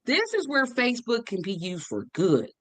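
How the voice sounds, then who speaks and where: A woman hosting a memorial livestream, telling stories with animated, rising quotes. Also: normal speed, dry recording. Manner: animated storytelling, voice jumps high when quoting. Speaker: podcast host. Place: online stream.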